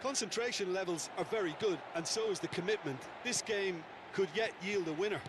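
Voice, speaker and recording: A man playing a measured, analytical football pundit in a video game, with a fairly high voice. He talks through the match in steady, considered phrases. Noise hangs under the game audio. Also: close to an everyday voice. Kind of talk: scripted sports commentary.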